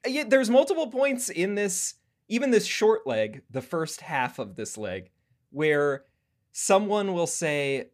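Speaker with lively, mock-grand delivery. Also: mid-range voice, slow pace. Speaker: podcast co-host. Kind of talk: casual chat about a video game.

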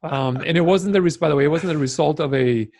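A man's voice: fairly high pitch, fast. A man co-hosting a podcast in casual chat, telling stories and teasing his partner. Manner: animated storyteller, teasing. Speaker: podcast co-host.

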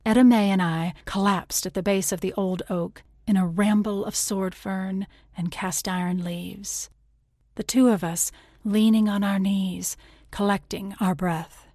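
A woman reading a first-person literary audiobook in a measured, intimate way, slipping into whispers on tender passages. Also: medium pitch, darkish tone, dry recording, clean studio sound. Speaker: audiobook narrator.

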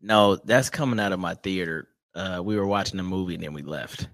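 Playful low-voiced podcast co-host man. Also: a little fast, a bit bright, no room sound. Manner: laughs often, playful teasing. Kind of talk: casual chat. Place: home.

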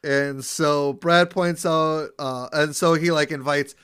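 A man with a fairly high voice co-hosts a podcast, chatting loosely as he retells an episode. He laughs often and lets sentences trail off. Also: steady tone, takes it slowly, fairly bright tone, smooth. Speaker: podcast co-host. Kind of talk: casual chat recapping an episode.

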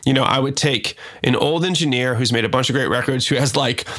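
A man's voice: mid-range voice, fairly quick, a bit bright. An American man, a record producer, talking loosely and profanely in a casual podcast chat. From United States. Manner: loose and profane, many fillers.

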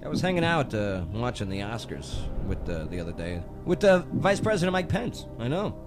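A man hosting a talk show, running a trivia quiz with jokey, lively banter and frequent laughs. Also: medium pitch, a little fast, music in the background. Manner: jokey, animated, laughs often.

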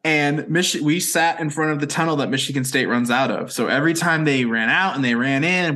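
A man's voice: a little high, animated, brisk, sharp tone. A young man in his twenties co-hosting a casual podcast, joking and swearing as he tells stories and recaps an episode. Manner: joking, profane, storytelling. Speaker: podcast co-host.

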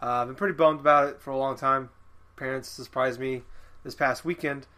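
A man's voice: mid-range voice, fairly even intonation, fairly quick, bright, forceful tone. A man co-hosting a casual podcast, chatting and dryly teasing his friends. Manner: dry teasing, joking. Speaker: podcast co-host. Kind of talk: casual chat.

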